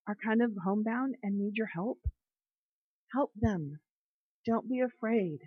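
A woman leading an informal devotional talk, reading scripture and telling everyday stories in an earnest, conversational way, slowing down to stress key phrases. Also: on the high side, slightly rough, no room sound, dull audio. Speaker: Bible study leader.

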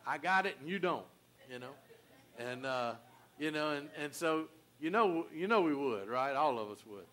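An older man preaching a sermon in an earnest, folksy way, often restarting his sentences and swinging from quiet to loud. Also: a little high. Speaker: pastor.

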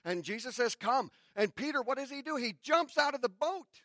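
A man pastor who reads scripture and then preaches in a conversational sermon, with restarts and dramatic pauses. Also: very high-pitched, animated, pushed and bright, no room sound, studio quality.

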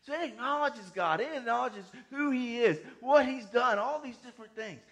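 A man preaching a sermon, emphatic, swinging between loud high stresses and quiet asides. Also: normal speed. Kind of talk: sermon teaching.

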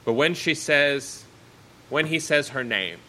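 Bright-voiced man preaching a sermon. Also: fairly high pitch, lively intonation, slow pace, rough recording. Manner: reads scripture aloud then explains it in plain words, rising and dropping.

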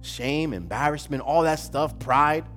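Pastor guy preaching, kinda high voice, repeats himself and gets loud, soft music under it. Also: a little slow. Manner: preaching, rising to loud emphatic bursts, repeating phrases. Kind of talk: sermon.

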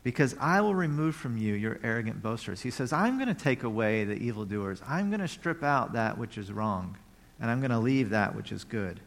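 A man preaching a sermon in a conversational way, reading scripture aloud and now and then breaking into joyful shouts. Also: fairly low pitch, lively intonation, normal speed, creaky. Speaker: pastor.

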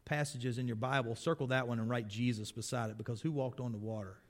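A man preaching a sermon, reading scripture aloud with rising force and dropping quiet when he speaks to the listeners directly. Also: steady tone, quick pace, few pauses. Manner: reads scripture louder and higher, drops quiet for personal appeals.

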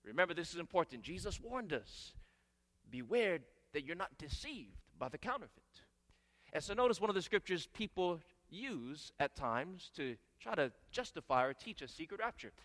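Man, preacher, bright ringing voice, swooping emphatic delivery, hall reverb. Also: a little high, sing-song, moderate pace. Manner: emphatic, asks the congregation questions and answers. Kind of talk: sermon.

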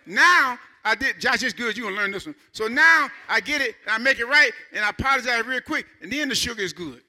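A man in his fifties preaching a Sunday sermon in an animated, conversational way, building to shouts. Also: extremely high pitch, brisk. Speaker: pastor.

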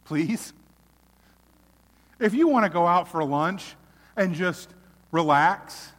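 A man delivers an earnest sermon from the pulpit, his fairly high voice rising to full force and then sinking to a near hush. A long reverb trails each line through the church hall. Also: animated, takes it slowly, long pauses. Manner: earnest preaching, swelling loud then dropping to near hush. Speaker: pastor.

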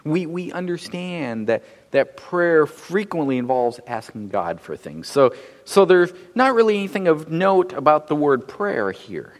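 A man's voice: a little high, very animated. Man preaching in a reverberant hall. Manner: measured, frequent word repetitions. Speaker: pastor. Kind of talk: sermon.

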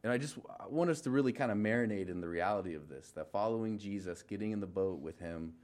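Casual young male pastor, low-ish voice, informal sermon with lots of fillers and self-corrections. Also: animated, quick pace, darkish tone. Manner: informal, filler-heavy, many restarts and trailing asides.

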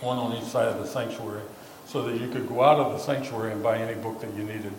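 A man's voice: mid-range voice, steady tone, a little hiss or hum. Man preaching in an echoey hall. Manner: halting, repeats words, many fillers. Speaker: pastor. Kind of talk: conversational sermon storytelling. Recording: echoey hall with faint ambience.

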